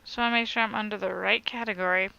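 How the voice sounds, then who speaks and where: Woman live streamer, bright voice, chatty, reading chat aloud, dry slightly dull sound. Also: medium pitch, steady tone, fast, vocal fry, dry recording. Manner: chatty, reads viewer comments aloud and answers them.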